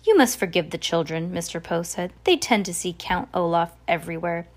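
A woman's voice: on the low side, a little fast, close to an everyday voice. A woman voicing a fussy male banker who speaks formally in a storybook reading.

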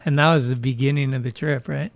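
A man's voice: medium pitch, fairly even intonation, fast talker, vocal fry, dry recording. A man hosting a casual interview, swearing easily and chiming in with his own memories.

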